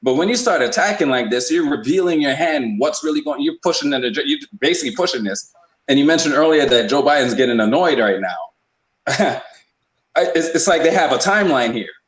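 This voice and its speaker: A man's voice: fairly high pitch, expressive, fairly quick, reverberant, rough recording. A man hosting a podcast, talking in a rambling, emphatic way with many restarts. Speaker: podcast host. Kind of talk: casual opinion talk.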